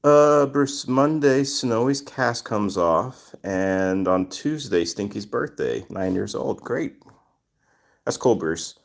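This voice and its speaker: A man's voice: on the low side, expressive, slow, gravelly. A man hosting a casual livestream, greeting viewers by name and answering chat questions. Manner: reads chat names aloud and greets viewers. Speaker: livestream host.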